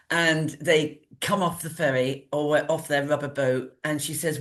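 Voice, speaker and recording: A woman co-hosting a political chat, blunt and dismissive, with quick asides. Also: low-pitched. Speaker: political commentary show co-host. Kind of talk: casual opinionated chat.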